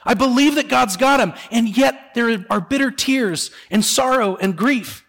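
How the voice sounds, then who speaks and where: A man preaching a sermon as pastor, very expressive, sinking soft and slow on solemn words and rising on rhetorical questions. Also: very high-pitched, vocal fry, big-room sound. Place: church sanctuary.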